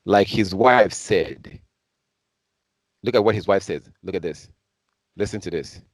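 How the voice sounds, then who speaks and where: A man's voice: low voice, unhurried, dry recording, clean studio sound. A man from Africa commenting on news clips as a preacher, in a heated, repetitive and scornful way. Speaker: online preacher.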